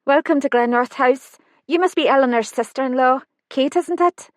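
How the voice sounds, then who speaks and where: A woman voicing a brisk, polite young female hotel receptionist with a Scottish accent touched with Irish, in an audiobook. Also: high voice, no room sound, studio quality, pitched above the performer's own voice, natural voice. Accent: Scottish with a trace of Irish.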